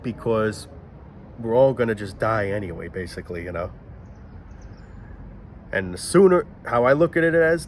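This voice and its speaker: A man's voice: fairly low pitch, slight background noise. Rambling man talking outdoors. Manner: rambling, searches aloud for words. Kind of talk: casual monologue. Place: outdoors near planes and traffic.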